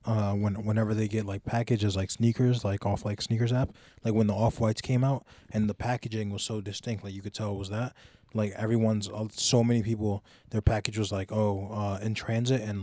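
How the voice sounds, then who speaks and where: Rambling young man with a dark voice. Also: on the low side, little pitch movement, a little fast, no echo. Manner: rambling with many fillers. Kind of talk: casual podcast banter.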